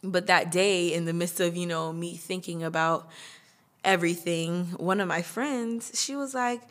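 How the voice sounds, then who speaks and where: A young adult woman hosting her own podcast, talking casually about her year, chatty and quick to laugh. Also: fairly low pitch, a bit bright. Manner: chatty, laughs often, acts out quoted voices. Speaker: podcast host. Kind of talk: casual personal monologue.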